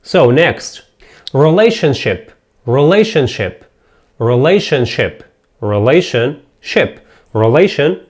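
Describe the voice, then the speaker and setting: A man's voice: medium pitch, expressive, moderate pace, pauses often. A man teaching English pronunciation, repeating each word and asking learners to say it back after him. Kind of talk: pronunciation drill lesson.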